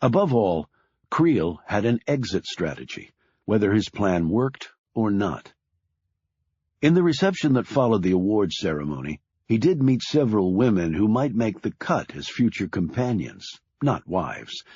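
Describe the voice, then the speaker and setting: A man giving measured, deliberate scripted audiobook narration. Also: lowish voice, very animated, dark tone, husky, no echo, lo-fi sound.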